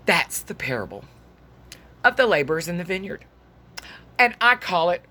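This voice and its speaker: Woman preacher, storytelling sermon, bright, breathy voice. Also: lowish voice, very animated, moderate pace, pauses often. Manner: folksy, conversational, softening to near-whispers.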